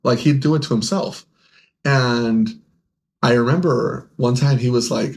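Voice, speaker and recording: A man's voice: medium pitch, normal speed, gravelly, a little mellow. A young man, a podcast co-host who owns a game store, telling rambling stories in casual chat, laughing often and acting out the people he quotes.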